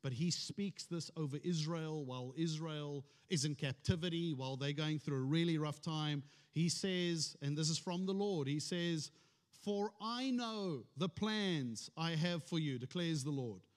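This sermon comes from a male pastor whose high-pitched voice rings with long church reverb. He talks to the congregation like a storyteller, conversational and full of playful humor, keeping a measured pace.

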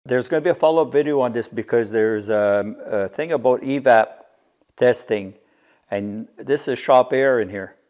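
A man's voice: medium pitch, moderate pace, a little mellow. Male DIY maker, mid-range voice, casual show-and-tell, methodical technical explainer.

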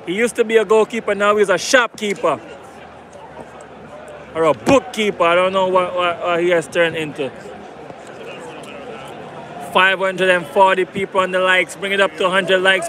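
Sitting among fans in the stadium stands, this man streams a football match live, his voice pitched high. His commentary is repetitive and full of hype, and he keeps pleading with viewers to like and subscribe. The stadium crowd roars in the background, with plenty of outdoor noise.

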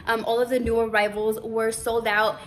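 Young woman, boutique owner, casual vlog chat, slightly high voice, roomy echo, a bit off-mic. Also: moderate pace, recorded from a distance. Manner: chatty, animated storytelling with fillers. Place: her boutique store, indoors. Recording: echoey room, voice off-mic.

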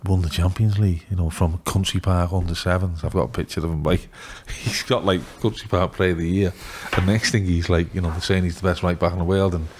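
A middle-aged youth football scout from England, with a thick Liverpool accent, rambles excitably through stories on a casual podcast. His very low voice rushes along quickly, and there's a little hiss or hum in the recording.

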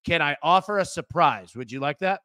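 A man's voice: fairly high pitch, lively intonation, brisk, sharp tone, dry recording, studio quality. A man co-hosting a live sports betting show, upbeat as he explains picks and announces new content. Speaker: co-host.

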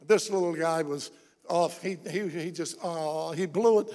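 A man with a high voice preaches in a church, his words ringing with a long reverb through the hall. He tells Bible stories and acts out the speakers' lines. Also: a little slow. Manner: animated storytelling, acts out quoted voices. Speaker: pastor. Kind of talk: sermon. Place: church sanctuary.

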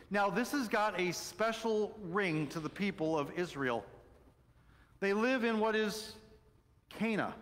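A middle-aged male pastor delivers a lively, storytelling sermon with a fairly high voice. He moves from excited bursts to quiet, hushed passages. His words ring out with a long reverb through the church sanctuary. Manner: animated storytelling, swings from loud excitement to soft hushed tones.

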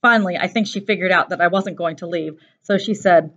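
A woman teacher reading a first-person novel aloud in a steady, plain storytelling voice. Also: on the low side, fairly quick. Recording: dull lo-fi recording.

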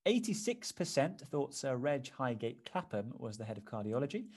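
A man's voice: medium pitch, very animated, normal speed, a little mellow. A man performing a theatre piece, speaking in a slick corporate presenter's voice. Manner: smooth corporate presenter patter. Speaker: stage actor performing a solo play. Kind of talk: theatrical monologue.

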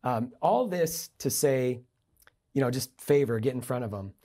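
Middle-aged guy on a podcast, husky dark voice, tells stories and acts out the quotes. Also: mid-range voice, unhurried. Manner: animated storyteller acting out quoted dialogue. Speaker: guest, entrepreneur and investor. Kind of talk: storytelling in a podcast interview.

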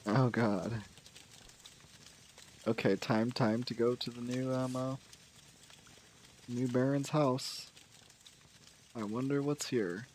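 A man's voice: medium pitch, steady tone, slow pace, long pauses, darkish tone, a little hiss or hum, low-quality recording. A man casually narrating his own video game play, musing aloud with fillers and trailing off.

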